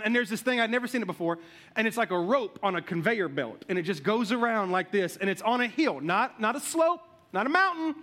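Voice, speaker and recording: A male pastor tells a funny story from the pulpit, his voice pitched unusually high with a bright, forceful edge. He slips into the voices of the people in his story and adds sound effects. Then he turns the story into a sermon point. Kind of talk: sermon with a comic personal story.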